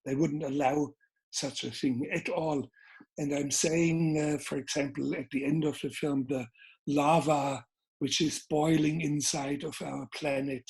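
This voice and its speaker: Older Bavarian-accented man, German native, slightly raised pitch, deliberate weighty delivery. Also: flat delivery, vocal fry, darkish tone. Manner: measured, deliberate, emphatic phrasing. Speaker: guest filmmaker. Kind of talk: interview conversation.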